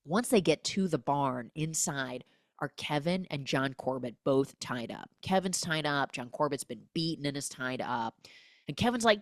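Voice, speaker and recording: A woman podcast host tears through a film recap, throwing herself into each character's lines with big swings of pitch. Her voice sits on the low side, and the recording is dry and up close. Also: dry recording. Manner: animated, acts out characters' lines in quick voices.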